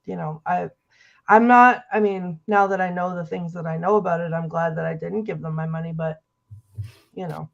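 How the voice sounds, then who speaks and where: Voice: medium pitch, steady tone, normal speed, gravelly, lo-fi sound. A panelist on a video call who speaks hesitantly and trails off in a casual film discussion.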